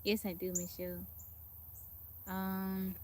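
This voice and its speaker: A woman hosts a casual forest live stream, chatting with her audience, greeting them by name and reading out what they write. Her medium-pitched voice is warm but completely flat, and she speaks slowly. There's slight background noise.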